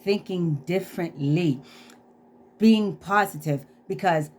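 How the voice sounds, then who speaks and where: A woman's voice: on the low side, slow pace, a little mellow. A woman vlogger telling a personal story and preaching positive thinking in an earnest, heartfelt way. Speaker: inspirational vlogger. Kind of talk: casual inspirational monologue.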